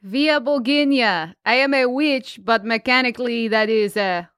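A woman's voice: a little high, measured pace, a bit bright, clean tone, no room sound, studio quality. A woman chatting playfully as a player at a tabletop game, laughing often. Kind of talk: casual chat at a game table.

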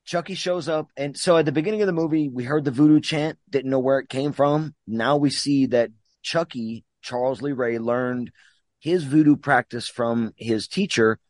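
A man hosting a podcast, recapping a film in excited, profane casual chat. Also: medium pitch, normal speed, dry recording, clean studio sound. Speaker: podcast host.

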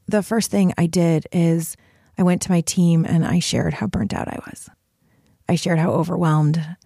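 A woman's voice: mid-range voice, gravelly, darkish tone, slightly rough, no echo, clean studio sound. A woman hosting a solo podcast, talking in an earnest, emphatic, confessional way. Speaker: podcast host.

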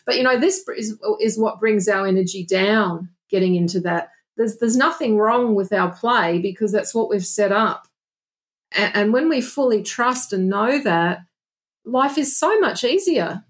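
A woman who is a past life regression therapist appears as a guest in a casual interview, speaking earnestly and reflectively. She often restarts her sentences and says "you know" a lot, using a mid-range voice at a measured pace.

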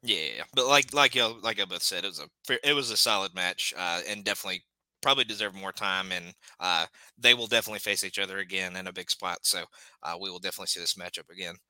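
A man's voice: low voice, fast talker, dry recording, rough recording. A man hosting a podcast, casually recapping wrestling matches play by play with plenty of ums and uhs. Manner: relaxed, recaps matches play by play with many fillers. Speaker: podcast host.

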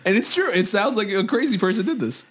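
A man's voice: high-pitched, expressive, fast talker, background noise. A young man co-hosting a podcast, joking and teasing in casual chat and retelling a comedy bit with impressions. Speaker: podcast co-host.

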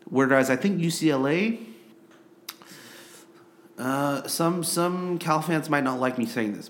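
Rambling young man in casual sports chat. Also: medium pitch. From Korea. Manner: rambling, filler-heavy, repeats himself. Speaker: podcast co-host.

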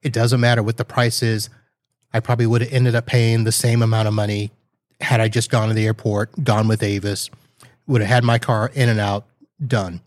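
A man's voice: on the low side, flat delivery, normal speed, no echo. A man hosting a podcast, telling a rambling, mildly exasperated anecdote in a casual monologue, with quoted asides. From Florida. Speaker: podcast host.

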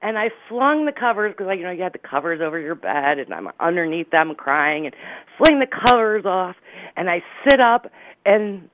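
A middle-aged woman tells a personal story in an animated, dramatic way. She often breaks into laughter. The sound comes through a dull, lo-fi radio recording. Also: fairly low pitch, normal speed, background noise. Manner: lively, dramatic retelling with laughs. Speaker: psychic medium guest.

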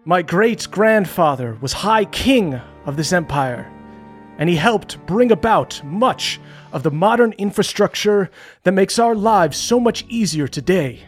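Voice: mid-range voice, animated, a little slow, faint music behind, voice pushed up, close to an everyday voice. A game master voicing a pompous aristocratic male politician who makes grandiose speeches.

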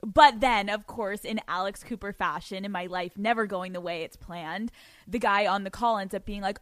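A young woman hosting a podcast, telling a story in a casual, animated way, swearing freely and laughing often. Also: medium pitch, normal speed, no echo. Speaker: podcast host.

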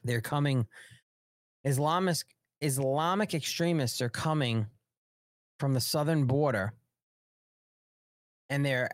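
A man's voice: medium pitch, slow, long pauses, no echo. Fired-up male talk show host, dry sound. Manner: fired-up, repetitive. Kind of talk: live talk show commentary.

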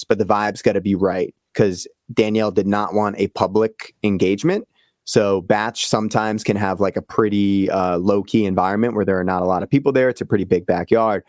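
A man, a podcast guest telling a story in casual, animated chat and swearing freely. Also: lowish voice, no room sound, studio quality. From Boston area.

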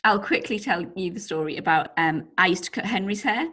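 A woman's voice: medium pitch, brisk, bright, forceful tone, breathy edge. A woman chatting casually, self-mocking and laughing along. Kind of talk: casual chat.

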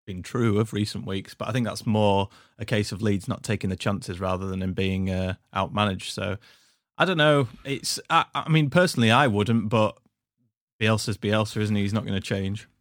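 A man co-hosting a casual football podcast from home, easygoing and steady as he goes through match stats. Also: lowish voice, no room sound, studio quality. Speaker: podcast co-host. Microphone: recorded at home.

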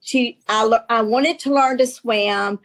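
A Southern-accented woman with a somewhat high voice, talking as a guest on a video call. She tells stories in a loose, rambling way, often restarting her sentences and laughing along the way. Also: unhurried, fairly bright tone. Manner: chatty, rambling storyteller with many restarts and laughs. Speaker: guest author. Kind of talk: casual conversation on a show.

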